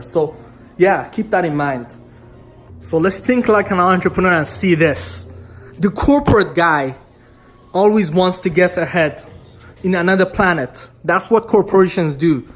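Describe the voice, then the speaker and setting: A woman from Iran talking casually to camera about business, rambling and joking, tagging lines with "okay?". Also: fairly low pitch. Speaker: vlogger. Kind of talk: casual motivational monologue to camera.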